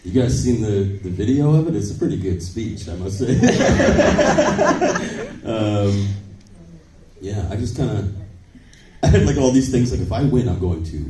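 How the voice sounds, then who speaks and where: A middle-aged man telling stories as a guest on a convention panel, playful and quick to joke, recorded on a phone from far off in an echoey hall. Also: lowish voice, sing-song, very noisy. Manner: playful, jokey, breaks into laughs and impressions. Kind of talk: animated panel storytelling. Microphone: phone in the audience.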